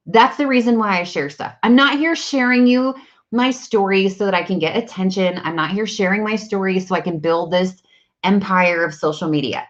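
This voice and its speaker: A woman's voice: mid-range voice, animated, moderate pace. A woman in her thirties talking candidly to viewers, acting out conversations as she tells personal stories. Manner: candid, storytelling, acts out conversations. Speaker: vlogger on self-improvement. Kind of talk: casual talk to viewers, live stream. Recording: dull lo-fi sound.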